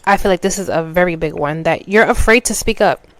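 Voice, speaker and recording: Brisk and fairly low-pitched, this woman's voice has a fairly bright tone with no room sound. As a podcast host from New York, she relates a personal anecdote conversationally, restarting mid-sentence and acting out quotes.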